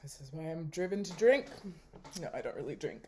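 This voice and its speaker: A young woman giving wry, deadpan running commentary while swiping through a dating app. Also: low voice, brisk, a little hiss or hum. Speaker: vlogger.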